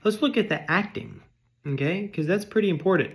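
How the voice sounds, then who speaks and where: A man's voice: sits high, big pitch swings, fairly quick, gravelly. A man delivering a comedic rant, mock-outraged and sarcastic, insulting his audience. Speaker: vlogger.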